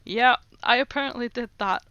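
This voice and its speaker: A native Norwegian speaker streams her language-app practice, giggling often, poking fun at herself, and joking with her chat. Her voice is on the high side, sharp, clear, and resonant, at a moderate pace, recorded without echo but with the highs cut off.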